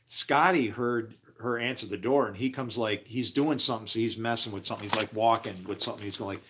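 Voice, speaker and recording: A middle-aged man casually telling a personal story, acting out other people's voices loudly and in a raised pitch. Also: brisk, background noise.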